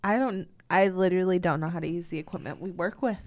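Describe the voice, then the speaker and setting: A woman's voice: lowish voice, fast, darkish tone. Young woman rambling on her podcast, lots of like and anywho, giggly. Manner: chatty, giggly, rambling with fillers. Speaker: podcast co-host. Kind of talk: casual chat.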